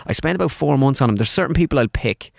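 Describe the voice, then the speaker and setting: Young Irish male impressionist, radio guest, rapid-fire storyteller, dry close studio mic. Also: medium pitch, gravelly, dry recording. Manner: rapid, animated anecdotes with laughter. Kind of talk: casual radio interview storytelling.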